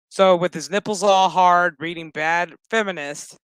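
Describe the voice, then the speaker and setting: Slow, sassy, foul-mouthed male streamer. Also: high voice, steady tone, a bit bright, clear, resonant tone, no room sound. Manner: sassy, profane, exaggerated retelling. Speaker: streamer reviewing a show. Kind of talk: casual crude reaction commentary.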